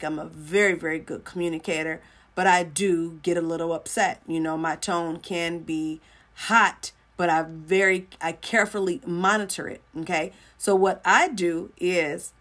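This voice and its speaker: Brief: woman host, live faith teaching, chatty, repeats lines for emphasis, slips into quick voices for little dialogues. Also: fairly low pitch, fairly bright tone. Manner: conversational, repeats phrases for emphasis.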